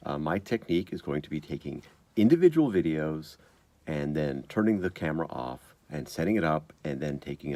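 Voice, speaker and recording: A man's voice: extremely low pitch, a little mellow, dry recording. A man casually explaining a microphone test inside a car, thinking aloud step by step. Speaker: vlogger testing microphones. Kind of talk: casual demonstration. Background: faint car engine hum.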